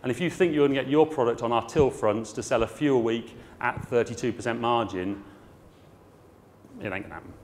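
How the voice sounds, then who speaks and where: A man's voice: medium pitch, fairly quick, few pauses, a little mellow, slight background noise. A middle-aged man who runs garden centres, speaking frankly and jokily to a trade show audience. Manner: frank, chatty and jokey, with dry asides.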